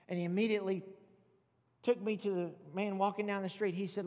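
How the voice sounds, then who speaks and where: A man preaching a sermon to a congregation, calling out for amens and exclaiming loudly between points. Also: high voice, flat delivery, fast talker. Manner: preaching with loud exclamations and call-outs. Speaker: pastor. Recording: music under reverberant hall.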